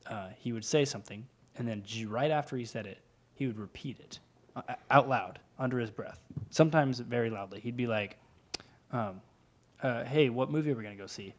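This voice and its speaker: A young man in easy podcast chat, talking at a middle pitch in a loose, rambling way. He laughs often and restarts his words. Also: brisk. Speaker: podcast co-host. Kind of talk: casual chat.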